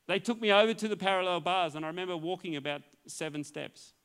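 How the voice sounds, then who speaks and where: A male pastor tells his testimony from the pulpit with a slightly high voice. He tells it as a story, acts out the dialogue and laughs often as he goes. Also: fairly bright tone, clear, resonant tone. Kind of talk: testimony sermon.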